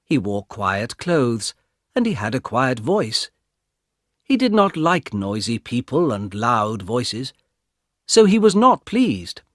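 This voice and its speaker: A male narrator reads an easy storybook slowly and clearly. His pitch moves a lot, keeping the story lively. The sound is dry and close to the mic. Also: no echo. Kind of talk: audiobook narration of a graded reader.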